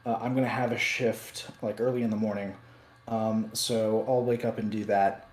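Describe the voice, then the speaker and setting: A man's voice: fairly low pitch, little pitch movement, normal speed. A man playing a tabletop game, rambling with lots of fillers. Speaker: player. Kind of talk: casual tabletop game chat. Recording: echoey room.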